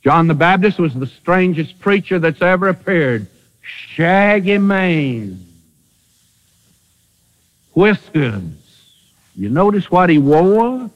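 A man preaching a sermon, emphatic and animated, his voice swinging between sudden rises and hushed drops. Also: high-pitched, slow, pauses often. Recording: dull old radio recording in a reverberant hall.

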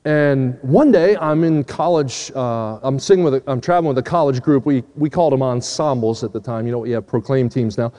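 A man's voice: medium pitch, brisk, hardly any pauses, warm tone. A man preaching a sermon, telling a story and acting out the dialogue, then pleading earnestly with his listeners. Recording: long hall reverb.

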